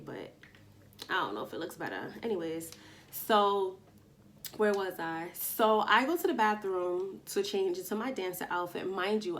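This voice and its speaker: A woman from Long Island, casually telling a storytime vlog to camera at home, slangy and animated, acting out bits of dialogue. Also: mid-range voice. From Long Island, New York. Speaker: vlogger. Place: indoors at home, daytime.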